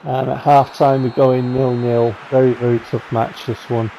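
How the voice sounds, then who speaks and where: A man talks casually over game highlights in a chatty, rambling, wry way. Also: little pitch movement, moderate pace, creaky, dark tone, a little hiss or hum, poor audio. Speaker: gaming channel host.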